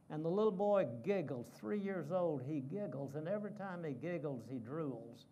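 A man with a high-pitched speaking voice delivers a sermon in a church. He tells a long story with dramatic pacing and circles back to the same vivid phrases again and again. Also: lively intonation, moderate pace, few pauses, dark tone. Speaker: guest preacher.

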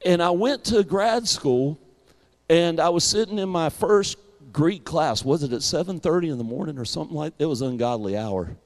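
A man's voice: a little high, animated, normal speed. A middle-aged man with a Southern American accent, a pastor introducing a guest with a folksy story. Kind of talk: church introduction.

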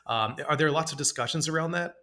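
Playful host with a bright voice. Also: male voice, fairly high pitch, fast talker. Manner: playful, joking, laughs a lot. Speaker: podcast host. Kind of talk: conversational podcast interview.

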